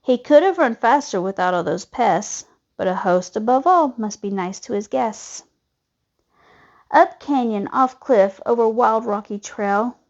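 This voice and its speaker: A woman reading a children's storybook aloud in a lively, expressive way. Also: on the high side. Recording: dull lo-fi recording.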